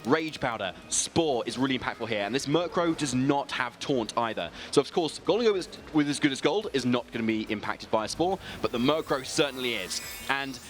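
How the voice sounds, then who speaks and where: A man giving fast analytical color commentary on a live competitive video game match. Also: mid-range voice, expressive, a bit bright, a little hiss or hum. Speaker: esports analyst.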